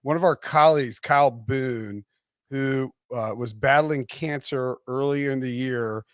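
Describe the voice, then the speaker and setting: A man from North Carolina hosting a sports podcast, rambling and animated with frequent restarts. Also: mid-range voice, measured pace, smooth, no echo, studio quality. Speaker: podcast host. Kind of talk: casual sports podcast chat.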